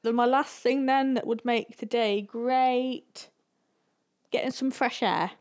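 A woman's voice: fairly high pitch, fairly even intonation, slow pace, a little mellow, clear, resonant tone. Easygoing woman guiding a chat. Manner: easygoing, guides the exercise. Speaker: podcast co-host. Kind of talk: casual chat.

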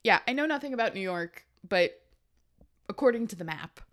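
A woman hosts a chatty book podcast. Her voice sits fairly high and swings widely in pitch. She jokes, laughs often and swears freely. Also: lively intonation, normal speed, fairly bright tone. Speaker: podcast host. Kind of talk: casual podcast chat.

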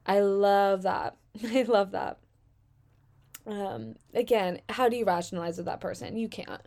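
A woman's voice: mid-range voice, lively intonation, a little slow, a little mellow. A woman from Southern Virginia with a Southern American accent, reading out customer stories and reacting with sarcastic, chatty commentary and free swearing.

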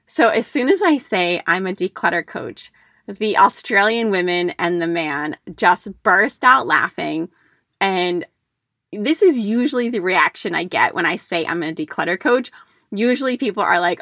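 A woman's voice: mid-range voice, lively intonation, moderate pace, a bit bright, no echo, studio quality. A middle-aged woman from the United States who hosts a podcast, talking casually as a declutter coach in a chatty storytelling way, with fillers and restarts.

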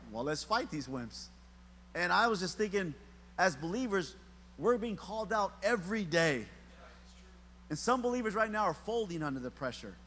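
A middle-aged man preaches in a church sanctuary, his voice a bit high for a man. He tells stories with easy humor and keeps checking in with the crowd. A long reverb trails each phrase. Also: a bit bright, a little hiss or hum. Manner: casual storytelling preaching with humor, talks to the congregation. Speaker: pastor. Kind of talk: sermon.

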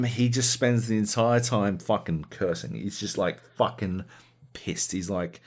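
A man co-hosting a casual gaming podcast, telling profane, animated stories about multiplayer sessions. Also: on the low side, unhurried. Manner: profane, animated storytelling with lively put-on voices. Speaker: podcast co-host.

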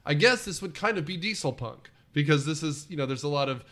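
Guy riffing on a movie with friends, kinda high voice, says like a lot. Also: lively intonation, a little fast, fairly bright tone. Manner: rambling, lots of "like", laughs often. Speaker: podcast co-host. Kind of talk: casual movie-review chat.

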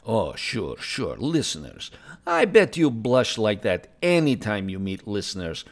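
A man's voice: lowish voice, wildly swooping pitch, unhurried, heavily acted. A man voicing a married middle-aged male Draenei traveler who speaks broken English and drops his articles, in an in-character tavern review podcast. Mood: teasing, matter-of-fact. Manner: plain, matter-of-fact, teasing.

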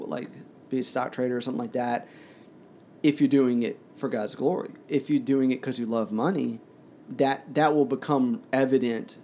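A man's voice: medium pitch, mellow, slight background noise. A man casually discussing a story, hesitant and full of fillers. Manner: hesitant, many fillers and restarts.

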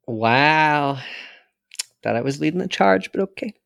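Co-host, man, goofy mock-heroic banter, lively pitch, dry mic. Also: a little slow, creaky, no room sound. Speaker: podcast co-host and player. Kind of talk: joking banter among friends.

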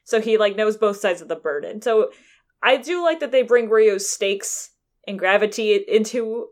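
A woman's voice: medium pitch, animated, normal speed. A woman co-hosting, retelling events in casual, rambling chat. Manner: rambling storyteller who acts out quotes. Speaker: podcast co-host recapping a game.

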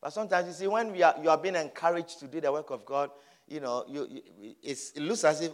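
A man's voice: fairly high pitch, a little fast. A man preaching a sermon, urging his listeners with emphatic, repeated exhortations.

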